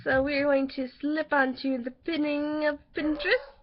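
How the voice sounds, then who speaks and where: A young woman with a high, bright-pitched voice chats to her camera in a loose, rambling way, full of ums and little giggles. The sound is a bit dull and lo-fi, like a basic home webcam recording. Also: fairly even intonation, normal speed, slight background noise. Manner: chatty, giggly, rambling with fillers. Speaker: vlogger. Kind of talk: casual chat to camera.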